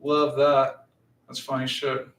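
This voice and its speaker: A man's voice: medium pitch, completely flat delivery, takes it slowly, far from the mic, a little hiss or hum. A middle-aged man, chatting casually and profanely on a livestream, telling rambling stories. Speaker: livestream host. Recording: roomy, off-mic.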